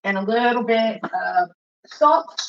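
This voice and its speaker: A woman's voice: a little high, animated, slow pace, highs cut off, slight background noise. A woman vlogger telling a rambling, profane story while she cooks. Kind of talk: casual storytelling while cooking.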